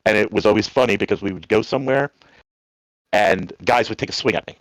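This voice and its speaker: A man's voice: on the low side, a little fast, dry recording, poor audio. A man from New Jersey calling in, telling rambling stories in a casual way and acting out the voices in them. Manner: rambling, animated, acts out voices in anecdotes. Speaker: caller. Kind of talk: casual storytelling on a call.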